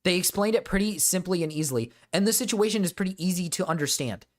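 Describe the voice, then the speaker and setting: A man with a high, lively voice talks fast as he streams his reaction to a video. He rants at his chat, profane and exasperated, in reaction commentary.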